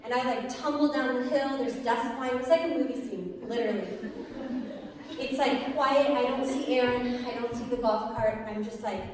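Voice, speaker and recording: A young woman giving an earnest, lively personal testimony to an audience, telling her story with laughs. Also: a little high, normal speed. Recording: echoey hall, voice from far off.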